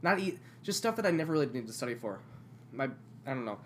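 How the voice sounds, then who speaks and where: A young man co-hosting a podcast, talking in a dry, self-deprecating way with quiet asides. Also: mid-range voice, very animated, fast talker, slight background noise. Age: young adult. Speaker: podcast co-host. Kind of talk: casual chat.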